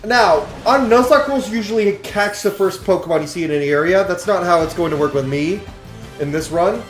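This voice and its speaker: A man giving jokey, excitable commentary while playing a video game, now and then swearing. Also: sits high, fairly quick. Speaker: let's play host. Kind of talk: casual gameplay commentary. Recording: roomy echo, faint game music. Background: faint game music.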